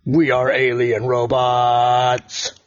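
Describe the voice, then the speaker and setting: A man voicing a pair of alien robots, speaking slowly and stiffly in a formal, mechanical way. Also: mid-range voice, completely flat delivery, no echo, lo-fi sound. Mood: robotic, stern. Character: slow booming male alien robot.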